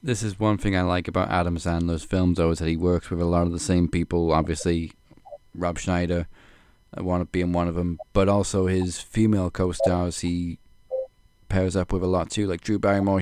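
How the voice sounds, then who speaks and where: Deep smooth-voiced man reciting trivia. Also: moderate pace, no room sound, clean studio sound. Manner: relaxed, lists trivia with fillers and laughs. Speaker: podcast guest. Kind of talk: casual film chat.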